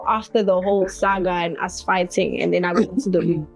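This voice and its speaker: Animated woman telling a story. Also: lowish voice, fairly quick, creaky, soft background music. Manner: animated, acting out the other people's lines as she tells it. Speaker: interview guest. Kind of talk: personal storytelling.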